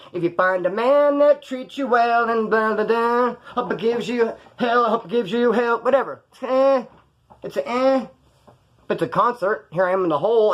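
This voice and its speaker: Telling stories from prison on his podcast, a Californian-accented man rambles loosely in a fast, fairly high voice. He swears freely and slips into the voices of the people in his tales.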